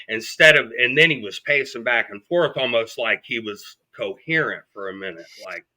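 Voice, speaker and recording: Man guest, blunt profane storyteller, very bright cutting voice. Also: medium pitch, normal speed, hardly any pauses. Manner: blunt and profane, acting out what people said. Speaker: podcast guest. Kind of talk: storytelling in an interview.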